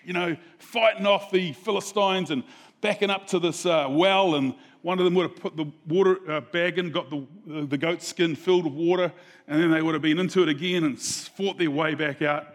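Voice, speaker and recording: A man preaching a sermon, telling a Bible story in a relaxed, conversational way and asking the audience questions. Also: on the high side, normal speed. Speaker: pastor.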